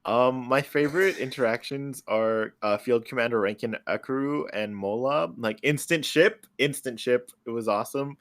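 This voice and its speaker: A man's voice: mid-range voice, moderate pace, few pauses, a bit bright. A man chatting casually about his tabletop campaign characters, laughing often as he talks. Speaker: tabletop game player.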